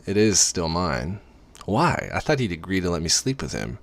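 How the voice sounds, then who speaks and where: A man's voice: low voice, very animated, normal speed, no room sound. A man reading a first-person romance parody aloud, dropping in wry asides. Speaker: reader.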